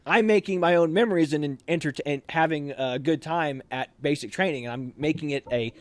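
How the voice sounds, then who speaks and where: A young man telling army stories in a casual chat, animated and laughing as he acts out lines. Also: on the high side, fairly quick.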